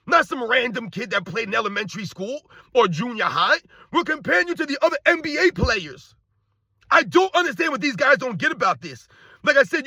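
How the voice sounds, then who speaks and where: A man's voice: extremely high pitch, sharp tone, dry recording. A middle-aged man delivering a heated, repetitive sports rant, talking straight to his viewers. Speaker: sports commentator. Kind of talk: ranting commentary.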